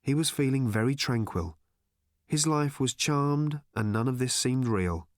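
A man narrates an audiobook in a mid-range voice at a measured pace, telling the scripted story expressively. The recording is dry and of studio quality.

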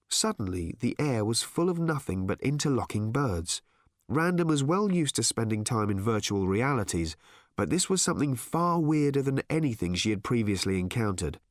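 A man's voice: medium pitch, big pitch swings, moderate pace, dry recording. Guy reading an audiobook, voice moves around a lot, dry close sound. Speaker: audiobook narrator. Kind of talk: scripted narration.

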